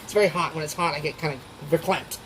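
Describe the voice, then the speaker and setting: A woman's voice: deep voice, quick pace, a bit bright, poor audio. Tarot reader, woman, casual and emotional delivery, frequent laughs and restarts, faint background noise. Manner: chatty, emotional, laughs often, restarts sentences.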